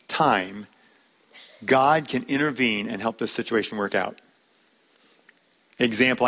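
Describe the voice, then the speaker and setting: Man preaching a slow measured sermon. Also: mid-range voice, a bit bright. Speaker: pastor.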